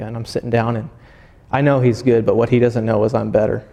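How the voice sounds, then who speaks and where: A man, a pastor, preaching a sermon as animated storytelling and acting out voices. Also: mid-range voice, fast, big-room sound.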